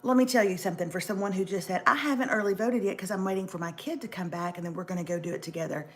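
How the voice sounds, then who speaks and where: A middle-aged woman hosting a casual chat show, animated and jokey, calling her viewers y'all. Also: mid-range voice, racing. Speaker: host.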